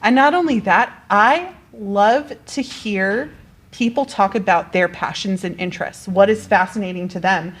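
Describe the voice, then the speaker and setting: A woman English teacher speaking in a casual conversation. Her voice sits at a middle pitch, and she talks in an earnest, reflective way. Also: moderate pace.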